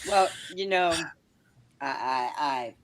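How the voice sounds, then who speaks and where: A woman's voice: very deep voice, animated, slow. Blunt, teasing woman co-host. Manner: blunt, teasing, swears casually. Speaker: podcast co-host. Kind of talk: casual chat.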